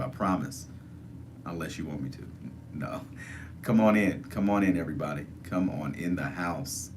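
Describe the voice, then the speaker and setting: A man's voice: sits low, slight background noise. A man hosting a casual livestream, repeatedly urging viewers to join the chat and give thumbs up. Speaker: livestream host.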